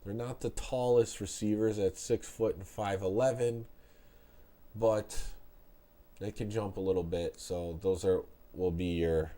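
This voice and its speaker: Slow, stuffed-up man streaming a game. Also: lowish voice, fairly even intonation, warm tone. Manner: laid-back, chatty, reads out stats with restarts. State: stuffed-up nose. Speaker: streamer reviewing a retro game. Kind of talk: live-stream game commentary.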